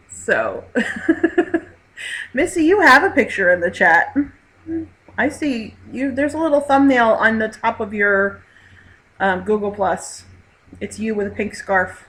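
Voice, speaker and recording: A woman's voice: medium pitch, lively intonation, takes it slowly, pauses often, a bit bright, rough recording. A woman hosting a live online hangout, chatting casually, reading viewer messages aloud and laughing often. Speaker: host. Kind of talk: casual live stream chat.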